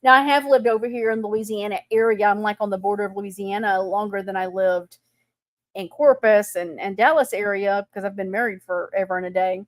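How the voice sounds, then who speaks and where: A woman's voice: medium pitch, steady tone, a little fast, no room sound. A middle-aged woman with a Texan accent hosting a casual live chat, chatty and laughing often as she greets viewers. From Texas. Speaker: livestream host.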